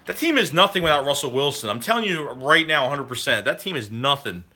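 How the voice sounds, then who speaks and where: Guy ranting on stream, swearing a lot, really sharp tense voice. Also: medium pitch, expressive, quick pace, slightly rough. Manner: profane, heated, ranting. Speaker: live streamer answering chat. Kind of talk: casual live-stream sports rant.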